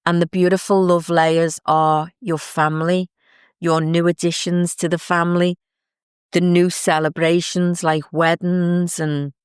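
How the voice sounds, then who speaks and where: Low, smooth-voiced woman. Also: no echo, studio quality. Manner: gentle, heartfelt, unhurried, with many soft asides. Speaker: podcast host and psychic medium. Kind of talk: reflective spoken talk.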